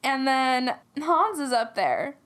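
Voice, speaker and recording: A woman's voice: high voice, very animated, takes it slowly, fairly bright tone. A young woman casually retelling a story, rambling with lots of fillers and asides. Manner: rambling, full of "like", laughing while retelling. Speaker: storyteller retelling a folk tale. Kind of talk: casual chat.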